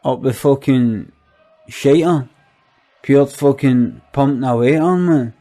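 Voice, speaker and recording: Sweary, rambling Glaswegian young guy, played by a man, slow delivery, dark tone. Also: mid-range voice, lightly acted. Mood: incredulous ranting. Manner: rambling, swears constantly, repetitive. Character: foul-mouthed skint young Glasgow man, incredulous. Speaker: comic monologue character. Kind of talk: sweary comic rant.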